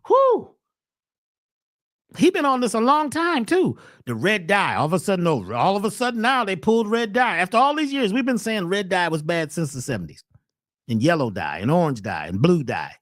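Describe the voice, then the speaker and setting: A woman's voice: moderate pace, dry recording, studio quality. A woman holding forth in a slangy, emphatic monologue, firing off rhetorical questions. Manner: rhetorical questions, animated swings in pitch and voice. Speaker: host, wellness speaker. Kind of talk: preachy monologue.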